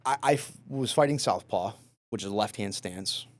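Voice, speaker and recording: A man, a professional fighter, telling stories in a loose, casual podcast interview, swearing freely and filling pauses with fillers. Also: on the low side. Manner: relaxed, loose and profane, lots of fillers.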